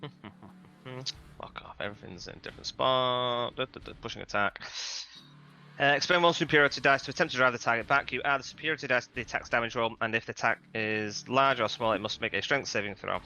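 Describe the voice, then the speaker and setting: A man's voice: mid-range voice, fast, sharp tone, dull audio. A man playing a tabletop game, reading rules aloud and checking his moves as he goes. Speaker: player. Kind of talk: casual tabletop game play.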